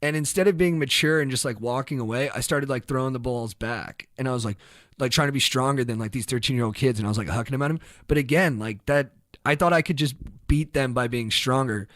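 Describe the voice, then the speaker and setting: A young man, a podcast co-host, telling a casual story in an animated way, sometimes shouting when acting out the scene. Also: medium pitch, fast, no room sound, studio quality. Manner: animated, bursts into shouted reenactments.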